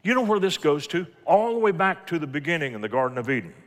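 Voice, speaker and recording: Folksy preacher in a reverberant hall. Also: male voice, a little high, sing-song, fast. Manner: folksy storytelling, quoting scripture. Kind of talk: sermon.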